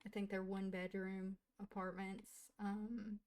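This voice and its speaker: A woman giving casual gameplay commentary, chatty and easily excited, retelling the characters' drama with lots of "she's like" asides. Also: medium pitch, slow pace. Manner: easily excited, gasping and laughing at surprises. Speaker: gaming streamer.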